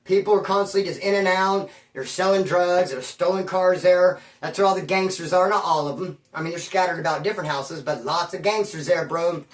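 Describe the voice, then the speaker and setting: A man telling a story in a rambling, slangy, animated way, recorded in a room at his home. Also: high-pitched, fairly quick, hardly any pauses. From Bakersfield area. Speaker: storyteller on his own channel. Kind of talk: casual storytelling. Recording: roomy, mic at a distance.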